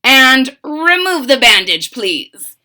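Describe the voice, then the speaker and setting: Storybook mouse dentist, voiced by a woman: brisk, bright, no-nonsense orders. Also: high-pitched, sing-song, voice pushed up, exaggerated voice. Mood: firm. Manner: firm, clipped instructions. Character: brave, calm mouse dentist, male.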